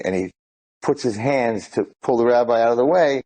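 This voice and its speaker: A man, retelling stories in an excited, rambling way, mixing in Hebrew and Yiddish words. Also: medium pitch, fairly quick. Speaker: speaker telling inspirational stories. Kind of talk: animated storytelling talk.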